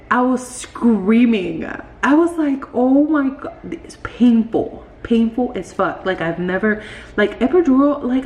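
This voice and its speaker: A young woman vlogger telling a story in an expressive casual style, swearing freely and filling her sentences with "like". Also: lowish voice, slight background noise. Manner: expressive, swearing, many "like" fillers. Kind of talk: storytime vlog. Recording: echoey room with faint ambience.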